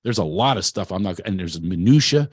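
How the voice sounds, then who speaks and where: This man speaks a little low, confessional and self-deprecating as he tells stories from his own life. His talk is loose and full of restarts, like an unscripted motivational speech. The sound is dry and close, with almost no room in it. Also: expressive, a little fast, husky, no echo. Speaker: producer and speaker at a talent event. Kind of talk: candid motivational storytelling talk.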